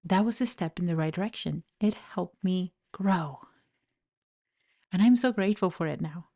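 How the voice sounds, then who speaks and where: A woman with a noticeable accent speaks earnestly into a studio mic, encouraging her listeners through personal stories. Her voice sits a little low and sounds warm and mellow. She talks like a life coach hosting her own podcast from an office. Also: moderate pace. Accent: non-native English accent. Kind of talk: reflective podcast monologue. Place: home office. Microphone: studio mic, standing.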